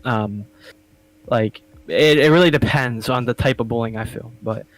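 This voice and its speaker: A man's voice: mid-range voice, normal speed, no echo, low-quality recording. A young man co-hosting a casual podcast, talking loosely with lots of swearing and laughter. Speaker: podcast co-host. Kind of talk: casual chat.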